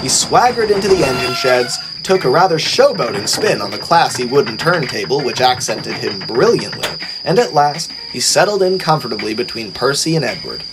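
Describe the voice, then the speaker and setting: A man narrating a story in a lively, expressive reading style. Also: mid-range voice, normal speed, few pauses, background noise.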